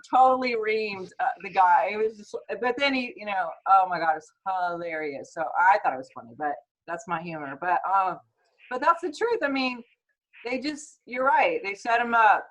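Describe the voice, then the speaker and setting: A woman's voice: mid-range voice, moderate pace, low-quality recording. Chatty woman host telling stories. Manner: chatty, animated storytelling. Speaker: host, naturopathic doctor. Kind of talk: casual conversation.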